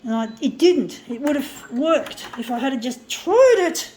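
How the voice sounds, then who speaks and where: A woman's voice: high-pitched, very animated, unhurried, darkish tone, slight background noise. A woman artist rambling to camera, upset and shaky on the verge of tears, self-critical and repeating herself. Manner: self-critical, repetitive, keeps saying folks.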